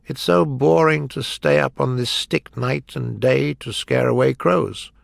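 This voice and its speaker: A man voicing a friendly, timid male scarecrow made of straw, speaking gently and with a stammer. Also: mid-range voice, unhurried, vocal fry, no echo, studio quality. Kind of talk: storybook character voice.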